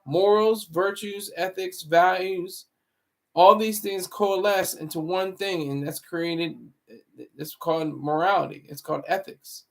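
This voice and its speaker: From what sounds like a home setup, a man hosts a casual commentary live stream, rambling and moralizing while stopping to restart words. His slightly high voice carries a gravelly fry, and he keeps a steady tone at a somewhat slow pace.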